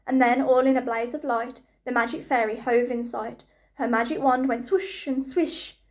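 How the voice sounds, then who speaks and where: A woman reading a rhyming storybook aloud to children with a lively, rhythmic delivery. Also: on the high side, normal speed.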